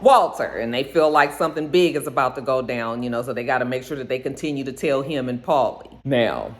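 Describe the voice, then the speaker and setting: A woman recaps a TV episode in a casual, talkative way. She tells the story as if chatting with friends and keeps slipping into quick voices for the characters. Her delivery stays loose and animated. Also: a bass voice. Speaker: TV episode reviewer.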